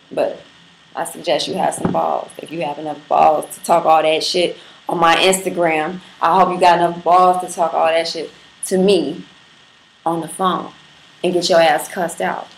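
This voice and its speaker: A woman's voice: on the low side, vocal fry. Brash New woman on a livestream. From Brooklyn. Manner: brash, profane, playful, addresses viewers directly. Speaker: livestream host. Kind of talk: casual livestream chat. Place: apartment room in Brooklyn. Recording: echoey room with faint background noise.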